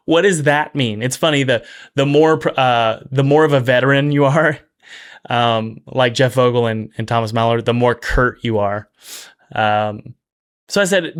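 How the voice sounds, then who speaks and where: A medium-pitched male host chats energetically in a casual commentary video about making games. His talk is full of restarts and quick asides, and he repeats key phrases to drive them home.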